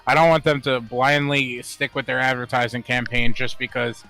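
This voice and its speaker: A man co-hosting a casual podcast, talking in an animated way, swearing and laughing often. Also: normal speed, soft background music. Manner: animated, swears, laughs often, rising pitch when worked up. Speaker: podcast co-host. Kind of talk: casual chat.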